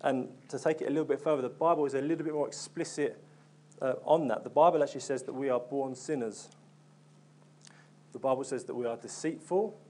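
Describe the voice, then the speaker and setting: A man's voice: mid-range voice, fairly quick, darkish tone. A young man preaching a sermon in an earnest, conversational way, with frequent ums and restarts.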